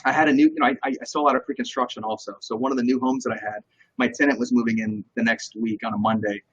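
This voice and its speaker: Fast, husky man telling animated stories. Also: medium pitch, muffled recording. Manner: energetic, animated storyteller. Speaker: real estate broker, guest. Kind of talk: casual interview talk.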